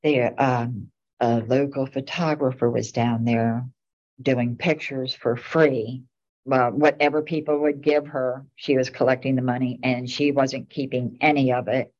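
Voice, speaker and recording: A middle-aged woman, a town commissioner, rambles through casual anecdotes at a meeting in a very deep, steady voice. She speaks unhurriedly with a slightly mellow quality. The meeting recording is dull and lo-fi.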